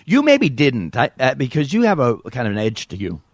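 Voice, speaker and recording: Guy in his 30s hosting a podcast, animated storytelling, super dry close sound. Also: mid-range voice, fairly quick, no room sound. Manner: animated, slips into voices and quotes. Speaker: podcast host. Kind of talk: comic storytelling.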